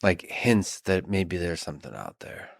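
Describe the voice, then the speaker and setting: Man, podcast host, very deep voice, slow musing remarks, dry sound. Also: big pitch swings, vocal fry, no room sound. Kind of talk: casual interview conversation.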